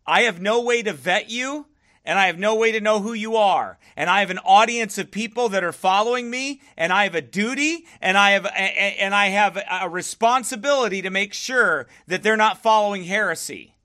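Firm, bright-voiced man preaching. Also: high voice, moderate pace. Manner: firm, defensive, repeats himself. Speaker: pastor. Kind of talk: livestream preaching and answering comments.

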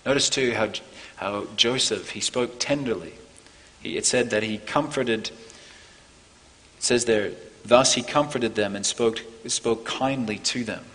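A man preaching a sermon as pastor, earnest, building to emphatic peaks and then softening. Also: mid-range voice, measured pace, big-room sound, low-quality recording. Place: church.

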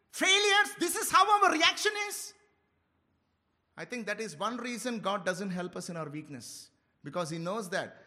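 Earnest pastor, high bright voice. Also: male voice, big-room sound. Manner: earnest, swinging from quiet reflection to loud exhortation. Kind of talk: expository sermon.

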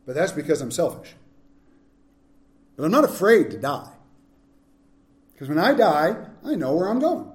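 Male pastor, high voice, animated sermon delivery, echoey church hall. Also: measured pace, long pauses. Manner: animated preaching that swings from loud to hushed.

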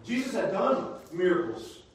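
A man preaching a sermon in a church, swinging from low, quiet passages to shouted, repeated lines. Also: huge pitch swings, moderate pace. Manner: dramatic, swings from low murmurs to shouted repetition. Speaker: pastor. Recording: very echoey hall, voice far from mic.

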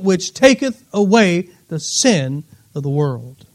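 A man preaching a sermon, reading scripture aloud and swinging between loud emphatic lines and quiet low asides. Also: sing-song, takes it slowly. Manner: reads scripture aloud, repeats words, laughs between points.

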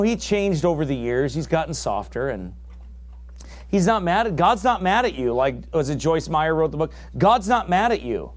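A man preaching a fiery sermon, his voice climbing to shouts as he presses his points. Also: on the high side.

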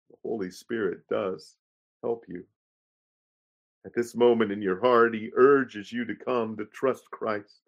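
A man reading aloud a pastor's first-person story in a measured, solemn way. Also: lowish voice, fairly even intonation, vocal fry. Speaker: reader of a pastor's memoir.

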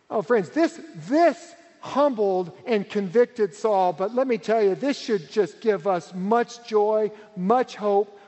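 A man's voice: high-pitched, a little mellow. A man preaching a sermon as pastor, earnest and emphatic, repeating key words for weight. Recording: reverberant hall.

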